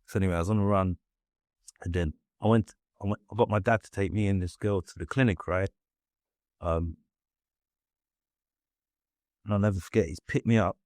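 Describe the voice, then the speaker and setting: Low-voiced young Englishman, blunt talk. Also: fairly even intonation, normal speed, pauses often, a little mellow, no room sound, clean studio sound. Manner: blunt, swearing, acts out voices in quotes, many fillers. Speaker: guest telling his life story. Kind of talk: casual storytelling interview.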